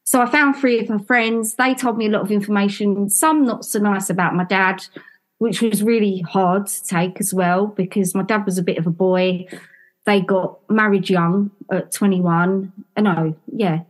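A woman's voice: medium pitch, normal speed. A woman from London, a podcast guest, telling her story casually and acting out the dialogue. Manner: animated, acts out quoted dialogue.

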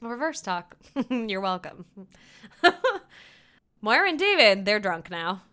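A woman co-hosting a casual chat, animatedly retelling a TV episode and quoting the characters in quick put-on voices. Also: mid-range voice, big pitch swings, pushed and bright. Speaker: podcast co-host recapping a TV episode.

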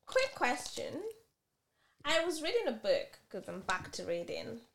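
Animated woman podcast co-host telling a story. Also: on the high side, measured pace, vocal fry. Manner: animated storytelling, acting out both sides of an argument. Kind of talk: casual podcast chat.

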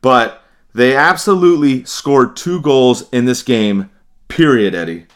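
Man, podcast co-host, heated profane rant, mid pitch, middle-of-the-road voice. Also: a little slow. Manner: emphatic, profane ranting. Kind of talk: heated sports talk.

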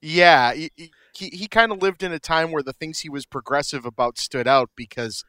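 A man's voice: a little high, moderate pace, bright, forceful tone. A middle-aged man co-hosting a podcast in casual chat, cracking dad jokes and laughing at them. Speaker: podcast co-host.

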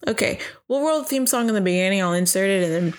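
A woman's voice: mid-range voice, animated, quick pace, noisy background. A young woman hosting her own podcast, rambling tipsily with a self-mocking, profane manner. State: drunk. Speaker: podcast host. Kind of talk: casual solo podcast chat. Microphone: podcast microphone.

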